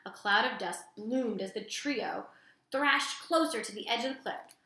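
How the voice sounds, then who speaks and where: A woman reading a children's novel aloud with animated, dramatic storytelling. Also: fairly high pitch, measured pace. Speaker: storybook reader. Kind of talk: expressive read-aloud narration. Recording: roomy echo.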